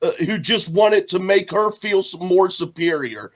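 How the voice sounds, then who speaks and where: A man's voice: high-pitched, expressive, normal speed. A man co-hosting a podcast, giving blunt opinions in casual chat. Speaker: podcast co-host.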